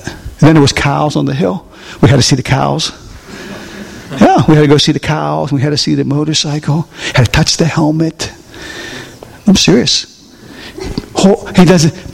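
A man's voice: fairly high pitch, moderate pace, creaky, breathy edge, long reverb tail. An older man preaching a folksy sermon, often asking the congregation questions. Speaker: pastor.

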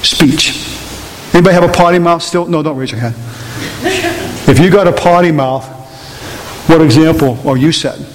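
Preaching in a church sanctuary, a middle-aged pastor speaks a little fast with frequent pauses, his voice slightly high and darkish. He's casual yet emphatic, repeating himself for effect, in a reverberant hall with faint background noise.

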